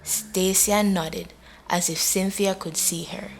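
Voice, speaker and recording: A woman narrating an audio story in a measured, dramatic way. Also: lowish voice, fairly even intonation, slight background noise.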